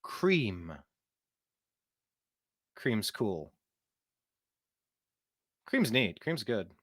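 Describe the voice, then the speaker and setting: A man's voice: on the low side, very animated, extremely slow, dry recording, studio quality. A man hosting a casual livestream chat, reading viewer comments aloud in a chatty way. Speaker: host.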